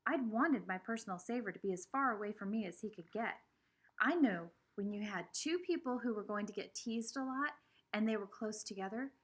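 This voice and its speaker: A woman reading a children's novel aloud with expression. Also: medium pitch. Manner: expressive, shifting between voices. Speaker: reader.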